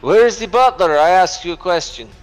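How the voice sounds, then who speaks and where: A man's voice: a little high, animated, moderate pace, soft background music, rough recording. A man playing a brash demanding adventurer. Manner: demanding, loud. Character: brash adventurer Felix, bossy male.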